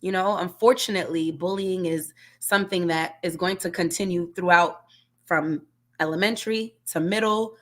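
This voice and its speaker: A woman's voice: on the low side, steady tone, moderate pace. A woman, a music teacher, speaking earnestly on a webinar panel over a video call. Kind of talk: panel discussion.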